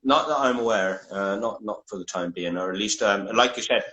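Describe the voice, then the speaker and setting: A man's voice: on the low side, a little fast, pushed and bright, muffled recording. Italian-accented man hosting a video interview. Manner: hesitant, many restarts, switches to translate. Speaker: interview host. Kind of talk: casual online interview.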